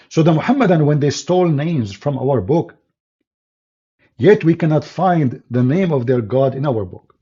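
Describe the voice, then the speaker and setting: A man's voice: mid-range voice, dark tone, husky. A man with an Arabic accent, a native Arabic speaker, hosting a polemical live stream monologue in mocking, insulting broken English. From Middle East. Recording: dull lo-fi stream audio.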